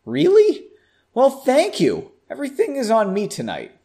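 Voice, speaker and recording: A man's voice: sits high, huge pitch swings, unhurried, mellow, exaggerated voice. Male reader as an insistent, grateful innkeeper whose voice leaps up. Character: grateful tavern-owning bartender man.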